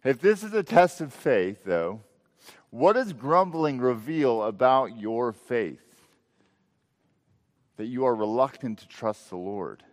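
A male pastor preaching a sermon, asking rhetorical questions and letting his voice swell and then drop low. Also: lively intonation, takes it slowly, long pauses, in a large hall.

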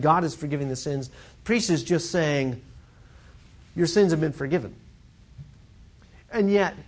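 A man who teaches Greek, preaching a sermon and explaining scripture in an animated teaching manner, acting out quoted voices. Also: a little high.

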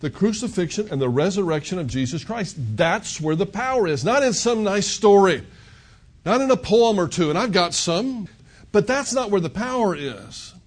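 A man's voice: high voice, expressive, moderate pace. A male pastor preaching an expository sermon in a conversational, emphatic way, full of rhetorical questions.

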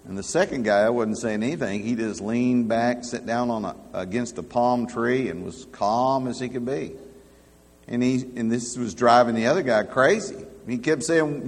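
A man preaching a sermon, telling folksy humorous stories in an animated way. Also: mid-range voice, moderate pace. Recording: long hall reverb.

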